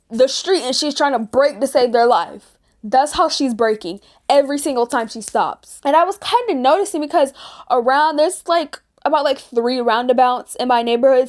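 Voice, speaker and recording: A 16-year-old girl vlogger chatting casually and ranting, with lots of "like". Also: high-pitched. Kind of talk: casual chat.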